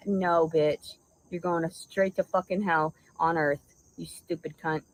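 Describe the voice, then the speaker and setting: A woman's voice: on the low side, steady tone, measured pace, low-quality recording. A woman delivering an angry, profanity-laden vlog rant, insulting and rambling. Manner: furious, insulting, stream-of-consciousness. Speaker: vlogger.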